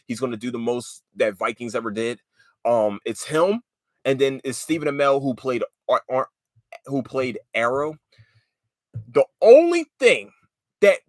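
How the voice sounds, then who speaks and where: A young adult man hosts his own podcast, wandering from point to point with plenty of fillers and swearing. His voice sits at a middle pitch, and the recording is close and dry, with no room sound. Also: dry recording. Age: late 20s to 30s. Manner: rambling and profane, with lots of fillers and loose tangents. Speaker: podcast host. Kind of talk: casual solo podcast chat.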